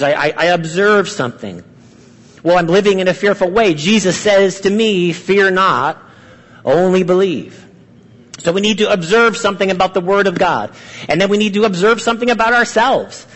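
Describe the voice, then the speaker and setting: Man, pastor, high voice, earnest sermon, rhetorical questions, echoing hall. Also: a bit bright.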